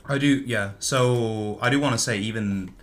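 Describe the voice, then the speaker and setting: A man's voice: fairly low pitch, fairly bright tone. A man in casual chat about a book, hesitant and thinking aloud as he talks. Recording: faint background noise.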